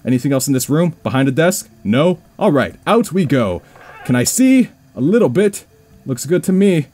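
Lively, jokey man narrating a game. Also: on the high side, normal speed. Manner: playful, jokey, mock-scared, talks to himself. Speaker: let's play gamer. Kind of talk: video game playthrough commentary.

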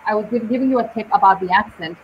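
A woman teaching English in a live online session, speaking slowly and deliberately with clear pauses between words. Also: mid-range voice, a little hiss or hum. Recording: dull lo-fi live stream audio.

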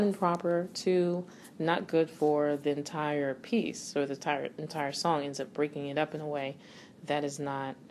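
A woman's voice: deep voice, a little mellow, a little hiss or hum. A woman vocal coach talking through singing technique in a loose, explanatory way, often restarting her sentences. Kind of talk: casual spoken voice lesson.

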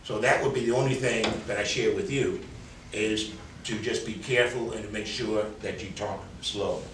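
A man's voice: fairly low pitch, fairly even intonation, moderate pace, noisy background. New York man giving class feedback. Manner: candid, conversational, mimics filler words while correcting. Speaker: public speaking instructor. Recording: echoey room, mic from a distance.

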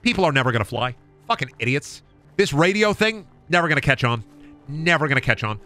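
A man's voice: a little high, very animated, brisk, pushed and bright, soft background music. A man playing a cranky old-timey male naysayer who rants emphatically against new inventions. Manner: grumbling, emphatic ranting.

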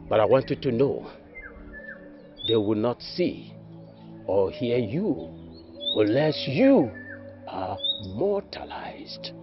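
A man with a Nigerian accent playing a solemn spirit who guides the dead, speaking in grave, measured pronouncements. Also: mid-range voice, very animated. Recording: dull lo-fi audio under loud music.

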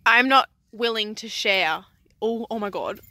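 A young woman vlogging on an outdoor picnic, excitable and giggly and swearing freely. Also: medium pitch, a little slow, dry recording. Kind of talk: casual vlog chat. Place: outdoors in a rainforest picnic area. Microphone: handheld camera.

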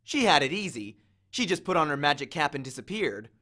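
A man narrating a novel in the first person in a measured, expressive storytelling manner. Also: a little high. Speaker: audiobook reader.

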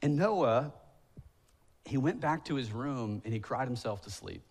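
A man in his thirties, a pastor, delivers a sermon in a church sanctuary at a measured pace, his mid-range voice slightly mellow and lively in intonation. With self-deprecating humor he tells stories, voicing other people and rising into emphatic pleading prayers.

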